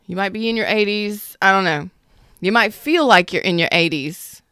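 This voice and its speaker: A woman's voice: mid-range voice, pushed and bright, smooth, dry recording, clean studio sound. A woman in her thirties giving a casual tarot reading, blunt and emphatic, swearing freely. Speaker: tarot reader.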